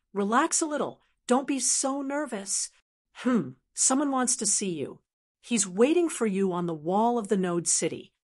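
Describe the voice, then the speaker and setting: A woman reading a flustered young male commander. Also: a little high. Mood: soothing. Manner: hesitant, stammering.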